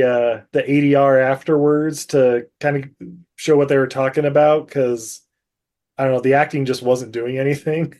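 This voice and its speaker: A man's voice: medium pitch, a little mellow. A man casually recapping a movie on a podcast, rambling with lots of fillers and frequent laughter. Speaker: podcast co-host.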